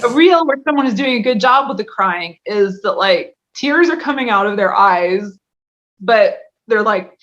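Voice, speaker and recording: A woman's voice: mid-range voice, animated, moderate pace, fairly bright tone. A woman guest in a casual interview, talking chattily and laughing often. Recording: dull lo-fi audio.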